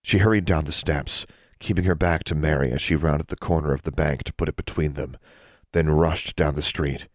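A man narrates a fantasy audiobook with a steady, measured delivery. His voice sits extremely low. The recording is close and dry. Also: no echo. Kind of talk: scripted narration.

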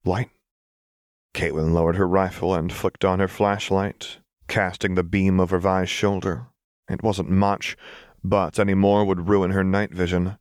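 A man reading a fan-fiction story aloud as a steady, measured narrator. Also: deep voice, smooth, dry recording, clean studio sound. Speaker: audiobook reader. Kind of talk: scripted narration.

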